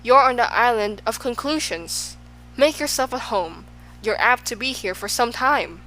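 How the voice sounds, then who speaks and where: A woman voicing an excitable, fickle man who swings between extremes, in an audiobook. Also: fairly high pitch, unhurried, low-quality recording. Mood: eager. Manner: exclaiming, swinging between moods.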